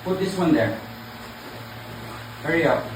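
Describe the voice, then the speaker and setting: A woman gently but firmly settles her child in a home vlog, her pitch swinging widely between soothing and stern. She sounds some distance from the mic in a very reverberant living room. Steady household noise runs underneath. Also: unhurried. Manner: patient, coaxing, firm but gentle. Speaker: mother. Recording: echoey room, far from mic, background noise.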